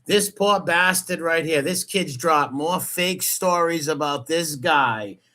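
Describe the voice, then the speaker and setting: A man's voice: a little high, takes it slowly, sharp tone. A man giving angry reaction commentary, mocking and profane as he picks apart a clip.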